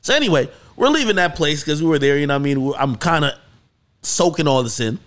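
A man hosting a podcast, telling a story in casual chat with lots of swearing and excited peaks. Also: a little high, fast talker. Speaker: podcast host.

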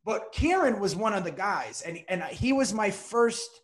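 A comedian guest telling an animated story with laughs on a casual podcast. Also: male voice, high voice, normal speed.

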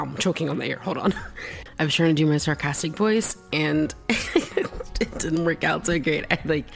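A woman hosting her own podcast in casual solo chat, bubbly and chatty, often laughing and jumping up in pitch when excited. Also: a little fast, vocal fry, soft background music. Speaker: podcast host.

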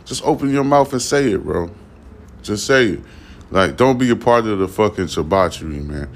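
A man's voice: on the low side, animated, normal speed. A man hosting a podcast, giving blunt, profane commentary full of fillers and repeats. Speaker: podcast host. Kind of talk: casual commentary.

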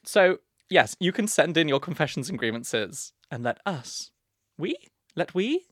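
A man's voice: fairly high pitch, sing-song, measured pace, no echo, clean studio sound. A young man co-hosting a comedy podcast in a camp, theatrical manner, reading listener letters aloud with cheeky asides. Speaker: podcast co-host. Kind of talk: casual comedic chat.

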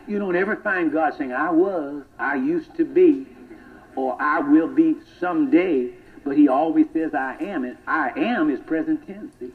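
A man preaching a sermon with rhythmic repetition, swinging from hushed whispers to loud emphasis. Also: mid-range voice. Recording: tinny phone-like sound.

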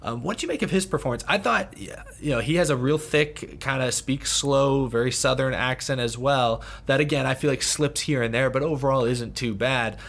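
A man's voice: mid-range voice, moderate pace, hardly any pauses, fairly bright tone. A man with a mid-range voice, hosting a casual podcast. He chats in an easygoing way, leading the conversation on to new topics with questions. His talk is loose and unscripted. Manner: conversational, steers the discussion with questions. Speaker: podcast host. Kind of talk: casual movie review chat.

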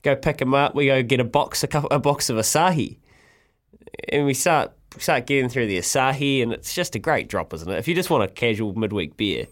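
A man hosting a radio show, telling a story in lively, laughing banter. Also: medium pitch, a little fast. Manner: animated storyteller, laughs often. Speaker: radio host.

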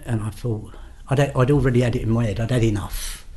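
A man's voice: mid-range voice, brisk, faint music behind. An older man with a London accent, a podcast guest telling stories in casual chat and acting out the voices of the people he quotes. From England. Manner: animated, acts out quoted voices.

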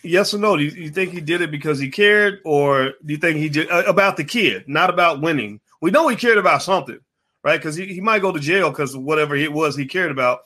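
A man's voice: a little high, quick pace. A man hosting an online panel discussion, talking casually to his guests and the chat audience, with lots of restarts. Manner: animated, restarts often, addresses chat audience. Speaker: panel show host.

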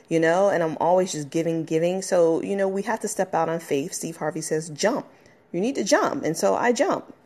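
Low-voiced woman giving an emotional podcast pep talk. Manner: emotional, encouraging, rambling. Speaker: podcast host. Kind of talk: casual motivational podcast talk. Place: at her workplace, a dog barking nearby.

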